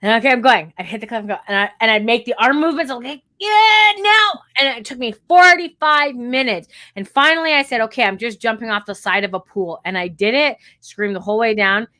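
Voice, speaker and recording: A woman's voice: on the high side, quick pace, hardly any pauses, bright, forceful tone. A woman co-hosting a podcast, sharing stories and reflections in casual chat. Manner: chatty, reflective storytelling. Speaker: podcast co-host.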